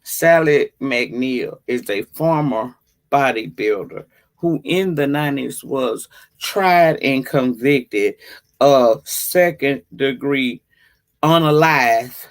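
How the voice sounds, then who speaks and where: A woman hosting a casual livestream, greeting viewers by name and chatting in a profane, drawn-out way. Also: extremely low pitch. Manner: slow, drawn-out delivery. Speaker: livestream host.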